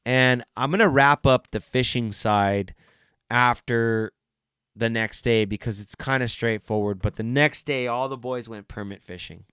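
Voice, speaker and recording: A man hosting a podcast, talking in a rambling, excited way, swearing often and laughing between stories. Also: medium pitch, measured pace, clean tone, no echo, clean studio sound. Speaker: podcast host. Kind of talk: casual chat.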